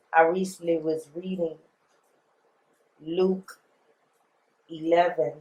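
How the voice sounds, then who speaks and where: A woman's voice: low voice, dark tone. A woman, telling her story in an interview in a blunt, emphatic way, repeating phrases and using slang. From New Orleans, USA. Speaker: rapper being interviewed. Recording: roomy echo.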